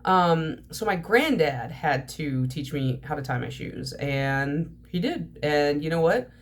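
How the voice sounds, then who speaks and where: Speaking slowly but animatedly in a low voice, a young woman vlogs about nail polish, her nose stuffed up from allergies. She chats to the camera in a constant stream-of-consciousness ramble.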